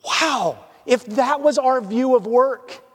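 A male pastor delivers a sermon in a loose, conversational storytelling way, sinking to a hush when the story turns heavy. His voice sits high for a man. The sound rings with the long reverb of a church hall. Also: slow. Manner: conversational and storytelling, drops to hushed tones for emotional moments.

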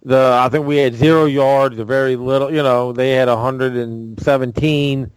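A man co-hosting casual sports talk, halting and repeating words as he thinks. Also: mid-range voice, fairly even intonation, smooth, no echo, rough recording. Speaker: co-host.

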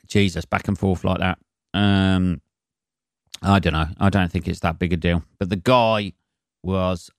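A man's voice: deep voice, fairly even intonation, a little slow, clean tone, no room sound, clean studio sound. A man hosting a solo comedy podcast, ranting in a sweary, sarcastic and rambling way. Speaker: podcast host.

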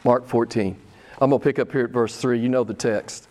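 A man's voice: medium pitch, steady tone, brisk, a little mellow. A male pastor preaching a sermon, emphatic and repeating his key phrases for weight.

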